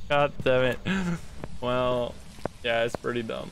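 A man's voice: medium pitch, measured pace, fairly bright tone, slight background noise. A man streaming gameplay live, talking to his chat, swearing and laughing at his own bad luck. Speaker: streamer playing a ghost-hunting game.

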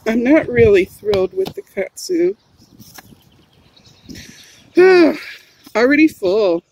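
Brief: middle-aged woman, relaxed unhurried delivery, somewhat high voice, giggly chatty vlogger. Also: slight background noise, low-quality recording. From Hawaii. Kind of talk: casual mukbang vlog. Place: home, then in a car.

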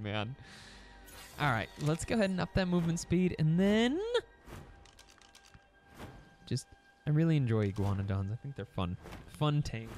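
A man hosting a gaming channel, chatting casually at home through his gameplay with a chatty, excitable manner and frequent stammered restarts. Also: medium pitch. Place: home recording setup.

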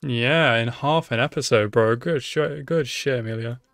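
A man's voice: mid-range voice, normal speed, a bit bright, no echo, studio quality. A man giving emotional live reaction commentary on an anime, swearing freely and talking back to the screen. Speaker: anime reaction channel host.

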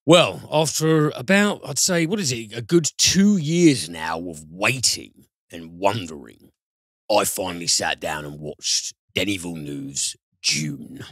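A man's voice: low-pitched, sing-song, measured pace, fairly bright tone, no echo, studio quality. A British man reviewing films on a podcast in casual chat, enthusiastic and swearing freely. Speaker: film reviewer.

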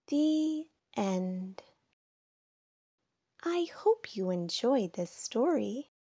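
Slow gentle woman reading a picture book. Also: on the high side, very animated, slightly rough, dry recording. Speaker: storybook reader. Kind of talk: children's story read-aloud.

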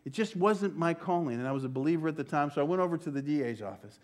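An older man preaches a sermon to his congregation in church. His voice sits slightly high, and he slows down for emphasis and sometimes sinks to a near-whisper. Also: lively intonation. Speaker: pastor.

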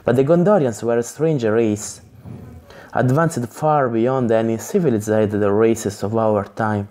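A man reading the lines of a spirited young female adventurer in a gamebook, in a plain, slightly halting way. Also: mid-range voice, a little mellow, lightly acted. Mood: eager.

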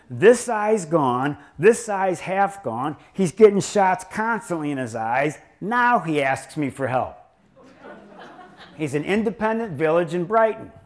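A man's voice: fairly high pitch, a little mellow. A man giving a lecture to an audience as a doctor, telling patient stories in a rambling, joking way. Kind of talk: anecdotal lecture to a live audience.

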